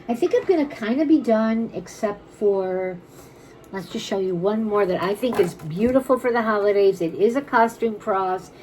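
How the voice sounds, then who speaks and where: A woman's voice: on the low side, darkish tone, a little hiss or hum, rough recording. A woman casually chatting as she shows and prices jewelry for sale at home, rambling and full of "like". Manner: chatty, rambling, says "like" a lot. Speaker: jewelry seller. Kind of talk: casual live sales chat. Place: home room crowded with items.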